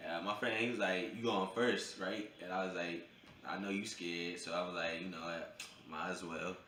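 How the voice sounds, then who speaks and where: A young man casually telling a funny personal story, breaking into high yelps when he acts out his own reactions. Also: steady tone, normal speed, bright, forceful tone. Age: young adult. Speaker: vlogger. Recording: echoey room with faint ambient noise.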